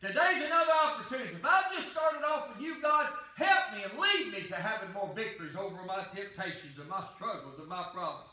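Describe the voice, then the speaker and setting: A man's voice: sits high, expressive, brisk, few pauses, bright, forceful tone, heavy reverb, recorded from a distance, poor audio. A man preaching a fervent sermon as pastor, often calling out "dear friend".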